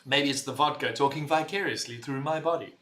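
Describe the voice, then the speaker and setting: A young man hosting a casual livestream, reading chat messages aloud, loud and rambling, laughing and swearing as he talks. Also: mid-range voice, brisk, slight background noise. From visitor to the UK.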